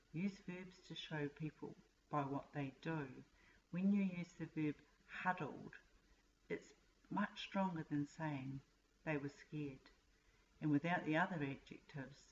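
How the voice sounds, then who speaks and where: A woman teaches writing in a plain, direct voice. Her pitch sits low for a woman. The recording is a little dull and muffled. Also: slight background noise. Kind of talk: explaining writing advice to students.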